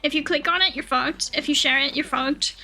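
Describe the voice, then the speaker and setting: High, bright-voiced giggly woman streamer. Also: steady tone, a little fast, slight background noise. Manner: giggly, swears freely, laughs constantly. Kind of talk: casual live game stream chat.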